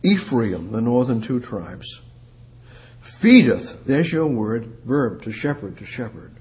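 A man preaching a sermon, repeating words for emphasis and rising louder on the scripture he quotes. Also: medium pitch, sing-song. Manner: emphatic, repetitive preaching with slow drawn-out phrases. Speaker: pastor.

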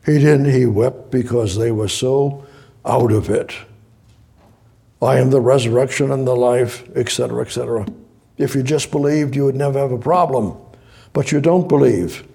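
A man's voice: medium pitch, normal speed, gravelly, mellow, slightly rough. A man preaching a sermon, reading scripture aloud and breaking off to explain it, repeating phrases and rising to emphatic exhortation.

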